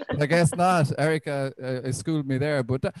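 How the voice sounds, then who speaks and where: A young Irish man doing a stand-up comedy set on a club stage, deadpan and self-deprecating, with frequent swearing. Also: a little high, brisk, dry recording, low-quality recording. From Ireland.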